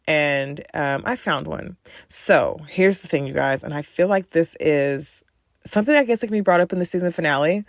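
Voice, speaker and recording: A woman's voice: sits low, dry recording. Woman podcast host, casual and talkative, filler-heavy storyteller, slightly fried voice, dry sound. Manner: chatty storyteller, many "like" fillers, animated retellings. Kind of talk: casual chat.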